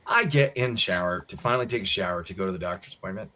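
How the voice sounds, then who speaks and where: An American man, co-host of a casual talk show, telling a story in a lively way and acting out the voices of the people in it. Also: deep voice, very fast. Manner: animated storyteller acting out quotes.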